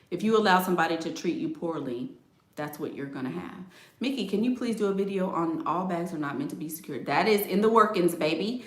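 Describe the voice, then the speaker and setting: A woman's voice: fairly low pitch, expressive, normal speed. A woman hosting a casual advice stream, talking directly and sassily to viewers with laughing asides. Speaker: relationship advice livestream host. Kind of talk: casual chat reading viewer comments. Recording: echoey room.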